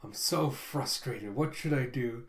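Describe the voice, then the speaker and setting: A reader voicing an earnest little girl who gets easily discouraged, read aloud in a plain, flat way. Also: mid-range voice, measured pace, natural voice. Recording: roomy echo.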